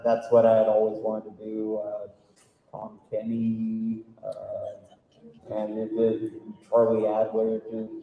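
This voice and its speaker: A man's voice: fairly low pitch, lo-fi sound. A man voice actor on a convention panel, talking hesitantly with many ums. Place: large convention hall. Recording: echoey hall with faint crowd noise.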